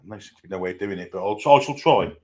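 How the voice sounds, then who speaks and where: A man's voice: fairly low pitch, fast, a little mellow. A man hosting a live football watchalong, casually reading out and answering viewer comments with frequent fillers. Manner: chatty, reads out viewer comments and greets them one by one; casual, with frequent "uh" and self-corrections. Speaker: host of a football fan channel.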